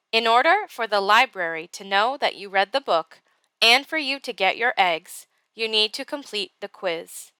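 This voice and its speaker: A woman's voice: mid-range voice, pushed and bright, no room sound. A woman teacher patiently explaining a reading program step by step and reading a picture book aloud. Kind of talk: classroom tutorial and read-aloud.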